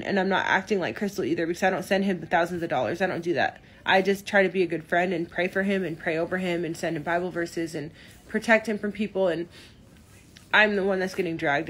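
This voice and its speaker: Woman in her thirties, husky voice, hurt and defensive, talking into her phone. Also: lowish voice. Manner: emotional, hurt and defensive, many restarts. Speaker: livestreamer. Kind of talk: upset livestream rant. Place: in her car.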